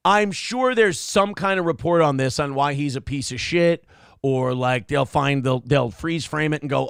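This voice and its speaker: A man hosting a morning show with a fairly high, gravelly voice, swearing and joking as he rambles through stories. The sound is dry and close to the mic. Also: normal speed, fairly bright tone, dry recording. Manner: crude, joking, rambling storyteller. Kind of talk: casual comedic chat.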